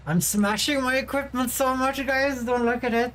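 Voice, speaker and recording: A woman's voice: sits high, steady tone, moderate pace, few pauses, a bit bright, slight background noise, rough recording. Giggly young woman chatting on stream. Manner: chatty and giggly, reading out and answering chat. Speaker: VTuber livestreamer. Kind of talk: casual livestream chat with viewers.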